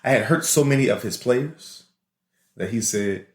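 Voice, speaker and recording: The recording is reverberant, and the man speaks at normal speed with a medium-pitched voice and a New Orleans accent. A laughing, animated storyteller, he co-hosts a podcast and recounts his school days in casual conversation.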